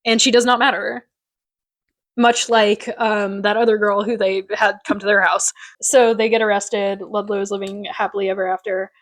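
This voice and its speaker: A woman co-hosting a podcast, recapping a TV episode in casual chat with animated, giggly asides. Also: mid-range voice, normal speed, dry recording. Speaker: podcast co-host.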